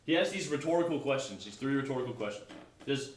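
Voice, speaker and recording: A man's voice: mid-range voice, expressive, fast, roomy sound, far from the mic. A man casually teaching a Bible class, chatty and self-correcting.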